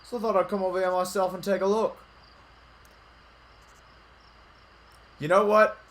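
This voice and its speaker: A man voicing a folksy male alien tree keeper from a game, in a raised, loud homespun drawl. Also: fairly high pitch, fairly quick, slight background noise, pitched above the performer's own voice, close to an everyday voice.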